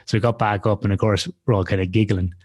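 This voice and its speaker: A man's voice: on the low side, fairly even intonation, fast talker, darkish tone, slightly rough. A man telling a story in casual podcast chat, swearing freely and talking animatedly. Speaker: podcast co-host.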